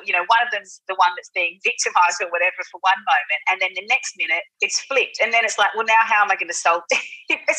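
A woman's voice: mid-range voice, pushed and bright, dry recording, poor audio. A woman in her thirties, a guest on a podcast, talking earnestly and reassuringly about parenting in a casual chat. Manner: earnest, reassuring, many fillers.

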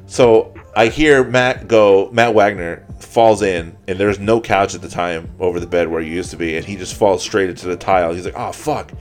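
Brief: young adult male podcast co-host, low voice, casual profane storyteller, faint music underneath. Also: fairly even intonation, moderate pace, few pauses. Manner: profane, rambling anecdote with acted-out quotes.

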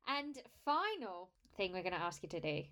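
A woman's voice: lowish voice, sing-song, normal speed, a bit bright. A woman hosting a podcast, leading a casual interview with fillers and restarted phrases. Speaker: podcast host.

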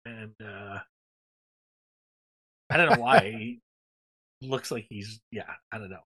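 A man's voice: medium pitch, bright, forceful tone. A man co-hosting a casual podcast chat, rambling enthusiastically with lots of fillers. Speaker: podcast co-host.

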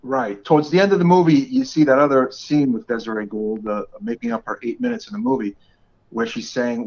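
A man's voice: mid-range voice, expressive, a little fast, vocal fry, darkish tone. A man in his forties with a New York area accent, co-hosting a podcast in casual chat and laughing often. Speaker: podcast co-host. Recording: dull lo-fi podcast audio.

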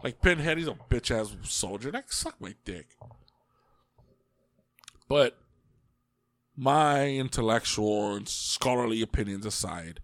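A man co-hosting a casual podcast chat, profane and animated, often laughing. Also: medium pitch, no room sound. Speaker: podcast co-host.

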